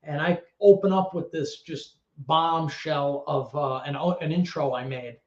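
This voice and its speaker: This middle-aged Bronx native, a former actor and DJ, is the guest in a relaxed storytelling interview, bringing animated, streetwise flair, slipping into others' voices and swearing without restraint. He speaks at a measured pace, his voice slightly high for a man, over an echoey, dull, lo-fi recording.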